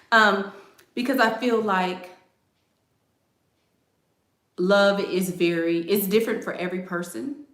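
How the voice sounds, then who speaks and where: A woman's voice: mid-range voice, fairly even intonation, slow pace, long pauses, fairly bright tone. A woman hosting a casual advice stream, talking directly and sassily to viewers with laughing asides. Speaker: relationship advice livestream host. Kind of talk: casual chat reading viewer comments. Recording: echoey room.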